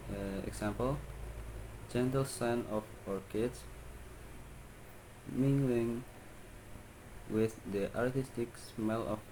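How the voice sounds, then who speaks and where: Slow, halting young man reading notes. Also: mid-range voice, noisy background. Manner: halting, with fillers and restarts. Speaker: student. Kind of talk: reading a pronunciation analysis.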